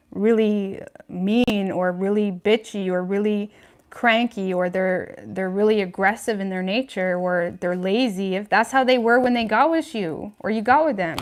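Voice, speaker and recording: Woman doing a chill tarot livestream, talks frank, lots of "like", laughs a bit. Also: mid-range voice. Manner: chatty, frank, says "you know what I mean" and "like" a lot. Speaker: tarot reader. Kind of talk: casual livestream tarot reading.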